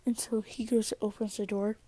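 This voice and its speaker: A woman casually improvising a fan fiction story, hesitant, with many fillers and long pauses, sometimes dropping to a whisper. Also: medium pitch, little pitch movement, warm tone, a little hiss or hum, rough recording.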